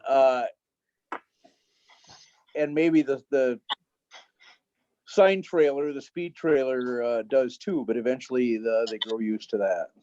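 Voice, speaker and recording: A man's voice: mid-range voice, fairly even intonation, slow, long pauses, dark tone, dry recording, highs cut off. A man, a police officer, giving a blunt, matter-of-fact report on a video call at a council meeting.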